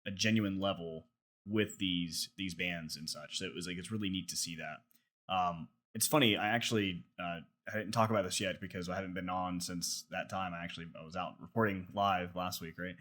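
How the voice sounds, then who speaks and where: With a low, steady voice that's a bit bright, this podcast co-host talks briskly through a lengthy story. The casual chat is rambling and full of filler words and restarts.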